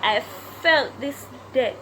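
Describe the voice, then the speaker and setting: A woman tells a personal story on her vlog in a slow, halting, emotional way. Her voice sits a little high and she takes her time. Steady background noise and passing vehicles are clearly heard under her voice. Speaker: vlogger.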